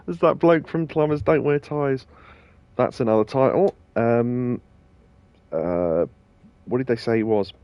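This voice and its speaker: A man's voice: mid-range voice, a little mellow. A man hosting a let's play, chatting casually and laughing often with his co-host. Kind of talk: casual gameplay commentary.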